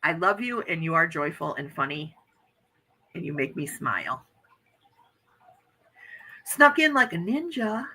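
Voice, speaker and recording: An American woman in middle age hosts a relaxed livestream, chatting earnestly and reading her viewers' comments aloud. Her voice is very bright and slightly low-pitched. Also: a little slow, long pauses, slightly rough, poor audio. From United States. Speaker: livestream host reading chat. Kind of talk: casual chat.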